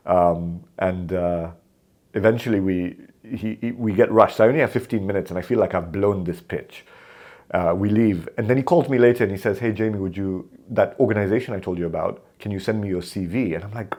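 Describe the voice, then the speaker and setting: A man's voice: low voice, fast. A man from Kenya, a podcast guest, telling stories in a conversational interview and acting out the dialogue in them. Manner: animated, acts out quoted dialogue in his stories.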